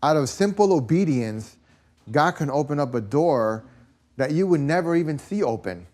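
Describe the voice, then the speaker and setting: A man's voice: on the high side, animated, moderate pace, darkish tone. A man preaching a conversational sermon, telling stories with lots of "you know" and rhetorical questions to his listeners. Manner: rambling storytelling, peppered with "you know" and "right?".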